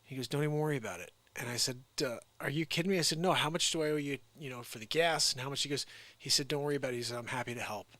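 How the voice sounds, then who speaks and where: Male show host, mid pitch, lively anecdote with quoted dialogue, dry recording. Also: rapid-fire, no echo. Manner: animated retelling with quoted dialogue. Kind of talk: casual storytelling.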